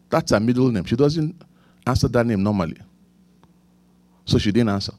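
A man delivers a sermon in a fairly low voice, recorded dry and close. He tells stories animatedly, leaps up in pitch for emphasis and slows right down on scripture. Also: darkish tone, no echo. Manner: storytelling with acted quotes and sudden pitch leaps; quotes scripture with dramatic pauses. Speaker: pastor.

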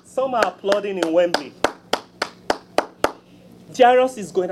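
A preacher delivering a sermon, pleading and acting out prayers, swinging from loud cries to hushed murmurs. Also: moderate pace, background noise. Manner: acts out begging prayers in a low, soft voice.

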